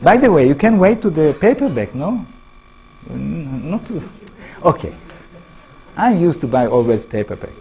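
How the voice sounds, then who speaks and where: Israeli-accented man lecturing, lively pitch. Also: breathy edge, poor audio. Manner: halting non-native English, many restarts, asks audience questions. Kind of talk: public lecture.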